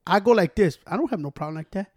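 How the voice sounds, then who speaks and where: Fast-talking high-voiced man ranting. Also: animated, no room sound, studio quality. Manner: rapid Spanglish code-switching, profane, heated ranting. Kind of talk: casual chat.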